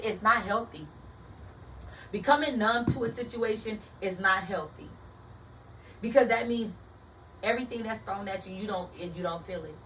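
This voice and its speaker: Emphatic woman with a bright voice. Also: medium pitch, far from the mic, a little hiss or hum, low-quality recording. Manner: earnest and emphatic, addressing listeners as y'all. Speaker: motivational speaker. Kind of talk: faith-based motivational talk.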